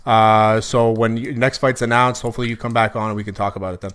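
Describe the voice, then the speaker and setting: Man, podcast host, quick easygoing chatter, loose and informal delivery. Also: on the low side, little pitch movement, fairly bright tone, clear, resonant tone. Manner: easygoing, chatty, drawn-out fillers. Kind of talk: casual podcast chat.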